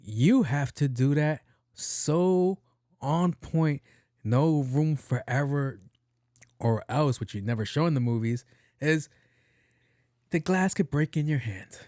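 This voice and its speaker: A man hosting his own podcast, telling a story in a profane, animated way. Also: fairly high pitch, slow pace, long pauses, no echo, studio quality. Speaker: podcast host. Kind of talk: casual storytelling monologue.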